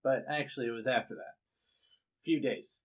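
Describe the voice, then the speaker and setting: A man narrating a tabletop game as game master, easygoing and halting, with fillers as he describes the scene. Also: mid-range voice, steady tone.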